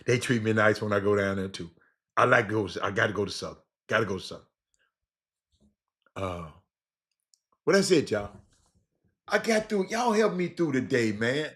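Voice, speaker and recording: Middle-aged male sports talk host, bright forceful tone, animated shout-outs. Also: fairly low pitch, moderate pace, pauses often. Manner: animated, repeats himself, shouts out listeners. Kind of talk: casual call-in sports talk.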